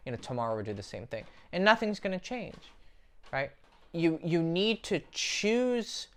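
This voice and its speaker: A man's voice: on the high side, smooth. A young man giving dating advice as a coach, blunt and profane, talking straight to the viewer in a casual monologue.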